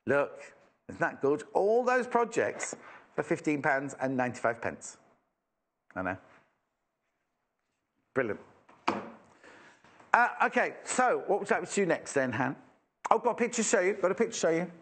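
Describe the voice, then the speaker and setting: A man's voice: fairly high pitch, very animated, a little slow, long pauses, a bit bright. Chatty English shopping-TV presenter, man. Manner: chatty, enthusiastic, self-mocking asides. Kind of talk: live TV shopping chat. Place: TV studio.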